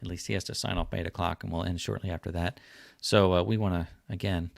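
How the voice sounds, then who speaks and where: A man's voice: deep voice, fairly even intonation, fast talker, gravelly, no room sound. A man from New Jersey hosting a casual livestream, chatting loosely with lots of fillers. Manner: rambling, friendly, lots of fillers. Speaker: livestream host.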